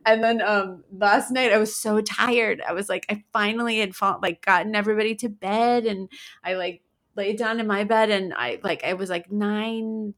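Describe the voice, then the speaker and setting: A woman's voice: medium pitch, fairly even intonation, normal speed, fairly bright tone. A woman in her thirties co-hosting a podcast, telling a story in casual chat and acting out her child's lines. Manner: chatty storyteller, acts out her kids' lines, laughs often. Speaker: podcast co-host.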